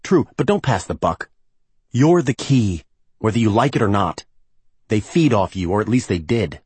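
A man reading an audiobook, voicing a gruff football coach who talks bluntly with a growl. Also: on the low side, big pitch swings, moderate pace, a little mellow, no echo, full character voice. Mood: angry.

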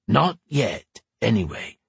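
A stubborn female dragon teases her rider in short, clipped replies, as a man puts her on. The voice stays husky and close, with a dry, close sound. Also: mid-range voice, very animated, slow pace, no echo, full character voice. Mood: teasing. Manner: teasing, terse.

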